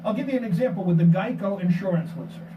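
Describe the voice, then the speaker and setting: A man's voice: high voice, quick pace, highs cut off. A man hosting a casual group discussion, telling stories and asking rhetorical questions. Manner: animated storytelling, rhetorical questions. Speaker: podcast host. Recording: noisy, distant room mic.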